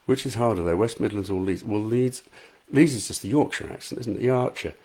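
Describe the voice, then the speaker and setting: This middle-aged Englishman speaks a little fast in a lowish, mellow voice with a breathy edge. During a casual live stream as an author, he chats with viewers, pokes fun at himself, and reads their comments aloud.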